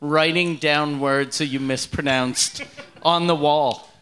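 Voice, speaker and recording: Bright-voiced teasing man. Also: a little high, fairly even intonation, slow, clean tone. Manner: teasing, crude joking. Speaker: podcast co-host. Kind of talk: casual chat.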